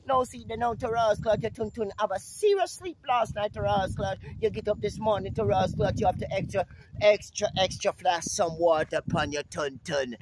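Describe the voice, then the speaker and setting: A brash man with a Jamaican accent, ranting profanely in a casual vlog outdoors, repeating himself and breaking into sudden high-pitched calls. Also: fairly quick, no room sound. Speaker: vlogger. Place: outdoors in the sun.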